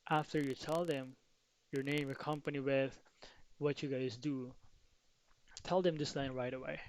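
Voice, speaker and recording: A man's voice: mid-range voice, fairly even intonation, moderate pace, pauses often, dry recording. A man giving a casual sales tutorial, talking energetically and acting out phone call lines with changing intonation. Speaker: sales coach.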